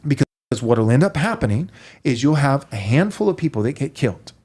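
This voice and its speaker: A man with a mid-range voice speaks in a measured, deliberate way in a conversation clip that is played back for commentary. He often pauses on hesitant fillers before he continues. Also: mid-range voice, very animated, darkish tone, husky.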